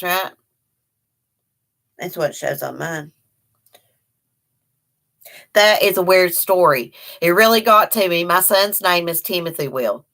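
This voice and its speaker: Appalachian kentucky lady chatting live from home, folksy, kinda low voice, laughs a lot. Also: fairly bright tone. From Eastern Kentucky. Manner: chatty and folksy, laughs often, talks to her dog. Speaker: livestream host. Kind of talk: casual live chat reading viewer comments.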